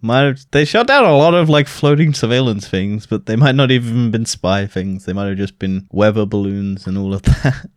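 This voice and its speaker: A British man co-hosting a podcast in casual chat, teasing and laughing often in quick bursts. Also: on the low side, no room sound, studio quality. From Britain. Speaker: podcast co-host.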